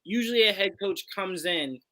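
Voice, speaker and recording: A man's voice: sits high, lively intonation, normal speed, sharp tone. A man co-hosting a casual live sports chat, making his case emphatically and answering his own rhetorical questions. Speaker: podcast co-host.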